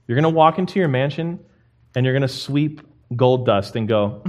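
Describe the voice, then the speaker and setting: A young man delivering a sermon with an emphatic, lively manner. His voice sits in an average male range and rises and falls with quick swings from quiet to loud. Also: medium pitch. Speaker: pastor.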